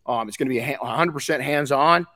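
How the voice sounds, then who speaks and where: A man's voice: mid-range voice, quick pace, sharp tone, dry recording. Rambling guy hosting a podcast, frank, swears a bit, dry close sound. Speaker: podcast host. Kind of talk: casual chat.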